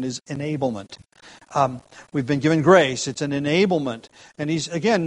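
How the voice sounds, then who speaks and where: A man's voice: on the high side, poor audio. Man preaching a verse-by-verse sermon. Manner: explanatory, repeats key phrases for emphasis. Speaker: pastor. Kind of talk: expository sermon.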